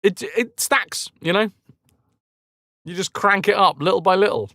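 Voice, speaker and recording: A man's voice: sits high, unhurried, fairly bright tone, no room sound, clean studio sound. A man streaming and reading history aloud, breaking off for sarcastic, joking asides.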